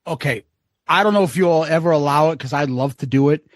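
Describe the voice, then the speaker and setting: A man's voice: a little high, brisk, no echo, studio quality. A man co-hosting a podcast in casual chat, blunt and profane, laughing often. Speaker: podcast co-host.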